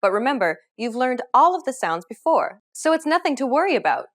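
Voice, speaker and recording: Woman, scripted lesson narrator, clear and instructive, animated delivery. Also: high-pitched, brisk. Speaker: language teacher.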